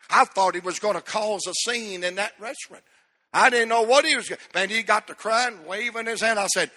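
A man's voice: sits high, a little fast, sharp tone, in a large hall. A man, a pastor preaching a sermon with an emphatic, repetitive cadence.

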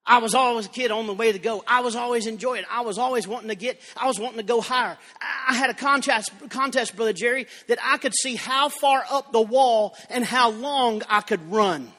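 A man preaching a revival sermon in a church, moving from storytelling into shouted fervor. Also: very high voice, a little fast, few pauses. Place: church sanctuary. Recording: long church reverb.

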